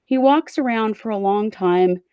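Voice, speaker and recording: A woman's voice: medium pitch, a little slow, warm tone, smooth, no echo. A woman hosting a true crime show, casually walking her co-host through a case step by step. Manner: conversational, recounts events step by step.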